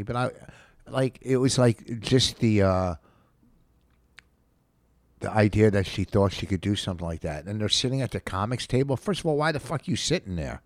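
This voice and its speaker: A man co-hosting a casual podcast, rambling and swearing freely as he tells a story. His voice sits fairly low and sounds dry and close, with no room echo. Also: expressive, moderate pace. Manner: profane, indignant, rambling storyteller. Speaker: podcast co-host.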